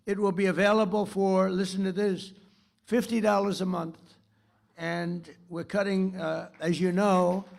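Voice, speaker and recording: Gravelly boastful man giving a rambling speech. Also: high-pitched, little pitch movement, unhurried. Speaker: keynote speaker. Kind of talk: political speech. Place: stage of a large theater.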